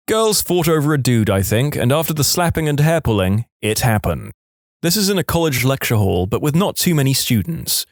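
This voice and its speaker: A man's voice: mid-range voice, dry recording. Guy narrating reddit-style stories, lots of ups and downs in his voice, super dry close sound. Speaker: narrator reading online stories. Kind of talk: scripted narration.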